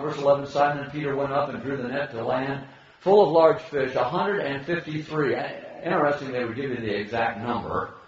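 A man preaching an expository sermon, acting out the scripture dialogue with lively shifts in voice. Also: a little fast, distant mic. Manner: animated, acts out the biblical dialogue with shifting pitch. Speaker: pastor. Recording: very echoey, muffled hall recording.

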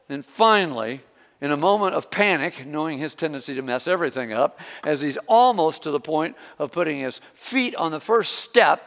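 A man preaching a sermon in a church, impassioned, swinging from hushed prayer to loud exhortation. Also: on the high side, animated, normal speed, long reverb tail. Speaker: pastor. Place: church sanctuary.

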